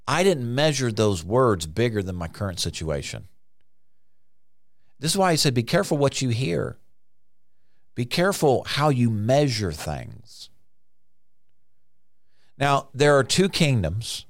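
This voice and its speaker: A man preaching a conversational sermon, now and then acting out frantic voices in sudden high bursts. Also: dry recording, studio quality.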